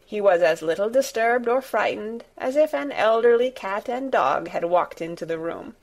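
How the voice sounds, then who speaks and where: A woman narrating a classic children's novel in a steady, measured storytelling manner. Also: mid-range voice, gravelly. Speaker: audiobook narrator. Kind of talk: scripted narration.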